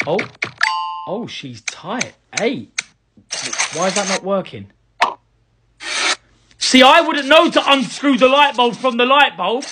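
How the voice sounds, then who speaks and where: A man's voice: very high voice, big pitch swings, a little slow, pauses often, noisy background. A man giving sarcastic, self-mocking reaction commentary on videos he is watching.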